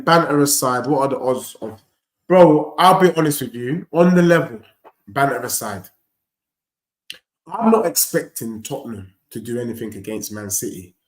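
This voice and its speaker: A young man, hosting a live football watchalong, bantering in slang and reacting loudly to the play. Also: mid-range voice, echoey room. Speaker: fan channel host.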